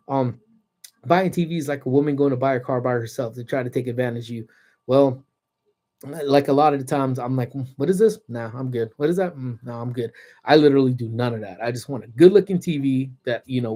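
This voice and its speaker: Chatty laughing man, mellow voice. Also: medium pitch. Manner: chatty storyteller, laughs often, reads out comments. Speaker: livestream host. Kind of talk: casual live chat with viewers. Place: parked car.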